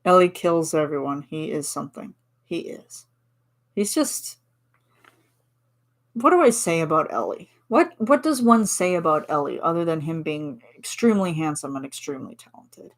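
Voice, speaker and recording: Canadian woman just chatting w her stream, giggly, kinda low voice. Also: very animated, moderate pace. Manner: chatty and giggly, reads chat replies aloud. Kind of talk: casual chat.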